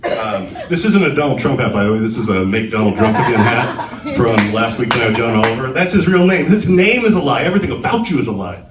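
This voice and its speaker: A man's voice: mid-range voice, lively intonation, fast talker, background noise. A man doing a live stand-up set on a comedy club stage, with a sardonic, self-deprecating delivery, recorded from a distance in an echoey club.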